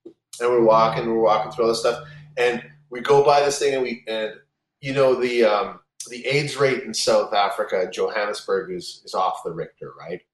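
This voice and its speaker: At normal speed and with fairly even intonation, a man with a fairly low voice tells a lengthy road story during casual chat. The rambling, profane account is full of restarted sentences, and the audio has a roomy echo.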